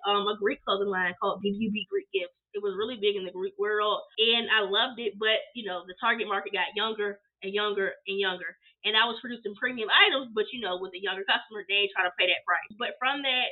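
A woman guest telling her business story in a casual interview, animated and acting out quoted dialogue. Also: mid-range voice. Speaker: guest, apparel business owner. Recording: tinny phone-like line.

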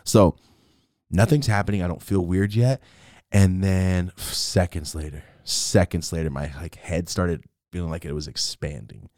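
A man telling a wild personal story in a casual, profane, animated way, acting out what people said. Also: low voice, a little slow, no room sound, studio quality. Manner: animated, profane, acts out the quotes.

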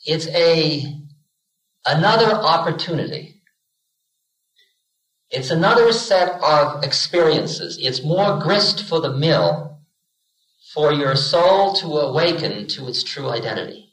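A man's voice: a little high, animated, takes it slowly, long pauses, fairly bright tone. A man in his forties giving a playful spiritual lecture, telling stories and acting out little voices. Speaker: spiritual teacher. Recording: roomy 1970s lecture recording.

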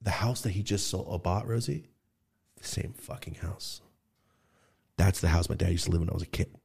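A man's voice: low voice, fairly quick, vocal fry, slightly rough. A man hosting a podcast, telling a story in casual chat, swearing freely and acting out voices as he goes. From California. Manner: animated, swearing, acts out voices with laughs. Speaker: podcast host.

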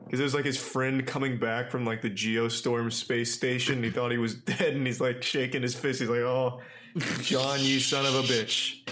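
A man's voice: mid-range voice, flat delivery, a little fast, hardly any pauses, a bit bright, a little hiss or hum. A man co-hosting a casual podcast, rambling and poking fun at himself. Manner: rambling, self-deprecating, trails off mid-thought. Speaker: podcast co-host. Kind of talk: casual chat.

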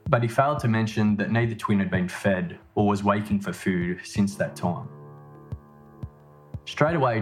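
A man reading a scripted narration in a measured, matter-of-fact way. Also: fairly low pitch. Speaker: podcast narrator.

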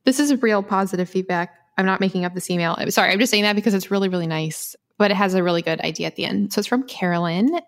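A woman's voice: medium pitch, fast talker. A woman co-hosting a podcast in casual chat, reading listener mail aloud in a gushing, chatty way. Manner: gushing, chatty, full of "like" fillers, laughs often. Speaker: podcast co-host.

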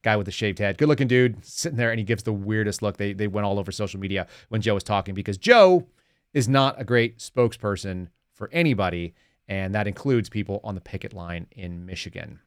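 A man's voice: lowish voice, animated, fairly quick, no echo. A man hosting a casual political commentary podcast from a home studio, talking in a sarcastic, mocking way with wry asides. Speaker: podcast host.

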